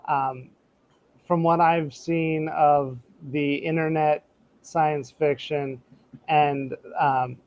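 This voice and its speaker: A man co-hosting a casual podcast, telling slow deadpan jokes. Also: on the high side, dry recording, muffled recording. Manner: deadpan, slow jokes; does a loud mock-Russian storytelling voice. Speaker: podcast co-host. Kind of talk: casual chat.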